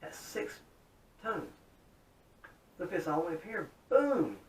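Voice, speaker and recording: A guitar hobbyist shows off his modified guitar in a casual, folksy demo, sounding very animated yet taking his time. He's chatty and upbeat throughout. The mic sits far off in a roomy space, picking up a faint rumble.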